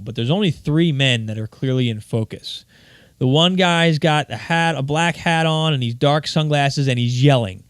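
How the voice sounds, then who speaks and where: A man's voice: fairly high pitch, dry recording, clean studio sound. A man hosting his own podcast, talking alone in a rambling, worked-up way with many restarts. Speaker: podcast host. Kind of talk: solo podcast monologue.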